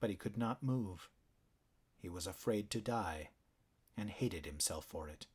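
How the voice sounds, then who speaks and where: A man narrating an animal fantasy audiobook in a measured, dramatic storytelling manner. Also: lowish voice, expressive, slightly rough.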